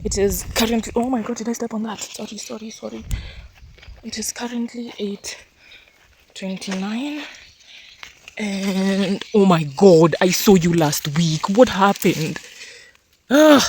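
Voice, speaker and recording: A woman's voice: mid-range voice, a little slow, long pauses, a little hiss or hum. A young woman giving a casual walking tour of her vegetable garden outdoors, exclaiming at her crops and calling out to her dogs. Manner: animated, exclamatory, scolds and coos at her dogs. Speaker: homestead farmer giving a farm tour. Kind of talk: casual vlog walkthrough.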